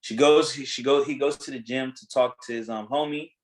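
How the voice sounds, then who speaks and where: A man hosting a podcast in casual chat, retelling a reality show in a blunt, animated way, acting out what people said and swearing freely. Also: mid-range voice, fairly quick, low-quality recording. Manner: animated storytelling, acting out quotes. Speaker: podcast host.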